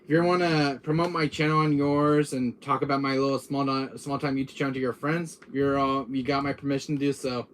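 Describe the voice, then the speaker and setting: A man's voice: medium pitch, level tone, a little fast, few pauses, fairly bright tone, slight background noise. A man, a gaming YouTuber, chatting casually and in a friendly way to a viewer, rambling with many restarts.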